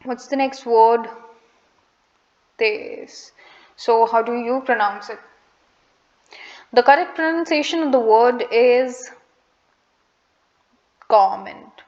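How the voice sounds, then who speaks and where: A young woman with an Indian English accent explains pronunciation in a calm, patient way. She says each word slowly and repeats it, sometimes slipping into Hindi. Her voice sits fairly high, and the recording sounds dull and lo-fi. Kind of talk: casual lesson to camera.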